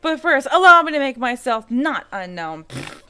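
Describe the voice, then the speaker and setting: A woman voicing a scheming male hamster villain, reading his game lines loudly and theatrically with an evil cackle. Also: sits high, sing-song, normal speed, clear, resonant tone, faint music behind, pitched above the performer's own voice, full character voice. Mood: gloating. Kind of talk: reading video game dialogue aloud.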